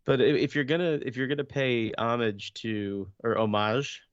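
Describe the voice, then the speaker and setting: A man co-hosting a hockey podcast in casual chat, talking emphatically in quick bursts. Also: mid-range voice, clear, resonant tone, no room sound, dull audio. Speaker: podcast co-host.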